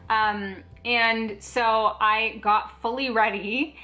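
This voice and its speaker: Bright, chatty young woman vlogger. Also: a little high, normal speed, few pauses, faint music behind. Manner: chatty, animated, many "like" fillers. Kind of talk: casual storytelling to camera.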